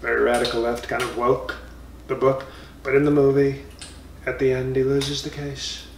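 A man's voice: mid-range voice, completely flat delivery, normal speed, slight background noise, natural voice. Man impersonating a bragging former president, rambling and mocking, distant mic, roomy room. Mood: boastful. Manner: boastful, rambling, insulting nicknames. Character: comic impression of a blustering former male president. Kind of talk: comedy impression monologue.

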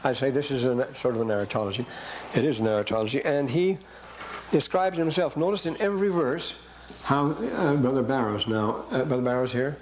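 A man's voice: medium pitch, a little fast, a little hiss or hum, rough recording. An older man giving a classroom lecture, reading verses aloud and breaking in with rambling comments to his students.

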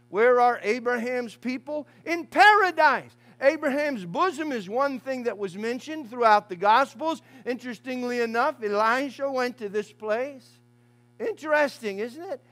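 A man with a very high voice delivers a fiery funeral sermon as a church pastor. He swings between hushed asides and shouted lines.

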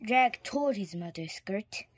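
Slow, gentle woman reading a storybook. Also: mid-range voice, lively intonation, dry recording. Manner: slow, clear storytime reading, slips into whispers. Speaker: storybook reader. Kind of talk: reading a children's picture book aloud.

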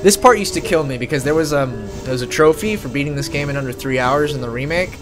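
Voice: mid-range voice, fast. A live-streamer giving casual, jokey commentary while playing a horror video game, swearing offhandedly, laughing often and chatting with viewers. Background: game music.

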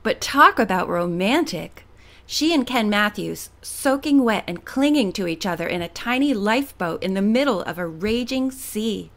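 A woman reading a teen novel aloud as an audiobook narrator, steady and expressive. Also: medium pitch, normal speed.

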